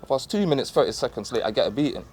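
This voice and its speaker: A man's voice: medium pitch, expressive, very fast, a little mellow, a little hiss or hum. Reflective man telling stories in casual chat. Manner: reflective, earnest, loose storytelling.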